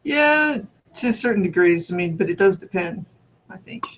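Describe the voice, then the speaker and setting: A man from New Mexico with a notably high speaking voice. He chats casually and rambles, thinking aloud, restarting sentences and breaking into short laughs. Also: animated, moderate pace, a bit bright. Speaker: conversation partner. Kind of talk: casual chat.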